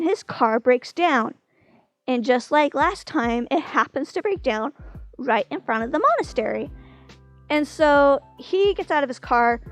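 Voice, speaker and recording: A woman casually telling a long joke, rambling with many fillers and restarts. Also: high voice. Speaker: vlogger.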